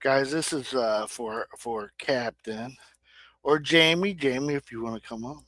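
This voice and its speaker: A man's voice: mid-range voice, measured pace, fairly bright tone, dry recording, rough recording. A middle-aged man from Indiana with an American Midwestern accent, hosting a casual livestream chat in a plain-spoken, emphatic way. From Indiana, USA. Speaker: livestream host.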